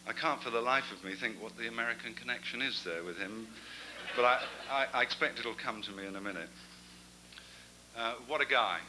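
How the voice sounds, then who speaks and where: As guest speaker at a club gathering, a man gives an after-dinner talk, spinning stories in a chatty way with self-deprecating asides. His voice is fairly low and sharp in tone. The recording is low quality, with a little hiss or hum.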